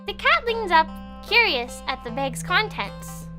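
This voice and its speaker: A young woman streamer reading a visual novel aloud, playful and expressive, with squeaky gasps, giggles and asides to her viewers. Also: a little slow, music in the background. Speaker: streamer and voice actress.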